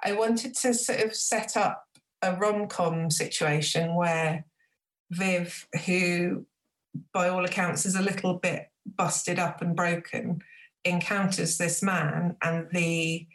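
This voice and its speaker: Woman author reading her own book, lowish voice, thoughtful, some ums. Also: steady tone, takes it slowly, rough recording. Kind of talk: reading her book aloud and talking about it.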